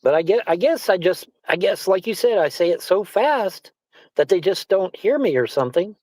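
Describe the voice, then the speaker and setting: A man's voice: high-pitched, animated, normal speed, a little mellow, dry recording, poor audio. A man chatting casually as a livestream guest, rambling, repeating himself and swearing often. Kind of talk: casual chat.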